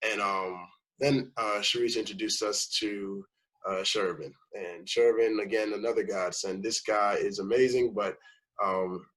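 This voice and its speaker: A man's voice: fairly low pitch, steady tone, unhurried, a bit bright, low-quality recording. A man talking casually as a first-time home buyer guest, rambling through his story and acting out the people he quotes. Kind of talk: casual conversation.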